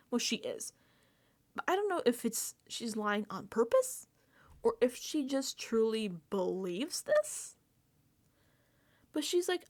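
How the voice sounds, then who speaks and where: A woman hosting a casual reality TV recap, talking animatedly, laughing often and acting out quoted lines. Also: fairly high pitch.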